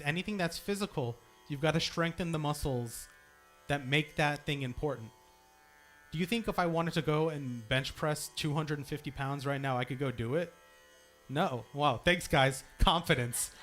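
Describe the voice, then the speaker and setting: A young man at a temple, teaching a congregation how to practice long sung notes, encouraging and demonstrating as he goes. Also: on the high side. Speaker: temple singing leader. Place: temple hall.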